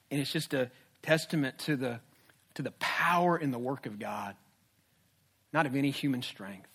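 A male pastor preaching a sermon, animated, with swings from hushed to loud. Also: medium pitch.

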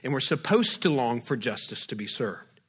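A male pastor preaching a sermon, retelling a story lively and acting out its scenes. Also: medium pitch, normal speed, breathy edge.

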